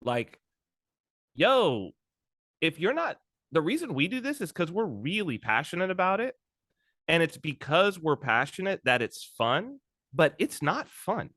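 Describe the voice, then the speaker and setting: A man's voice: on the high side, unhurried, no echo, clean studio sound. A man talking as a podcast guest in casual conversation, animatedly telling stories and acting out what other people said. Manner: animated storyteller who acts out other people's speech.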